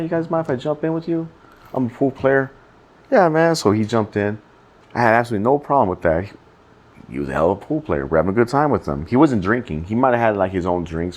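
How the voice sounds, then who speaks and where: A young man co-hosting a podcast, telling a story in casual chat, swearing often and acting out what people said. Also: on the low side. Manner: profane, animated storytelling with acted-out quotes. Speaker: podcast co-host.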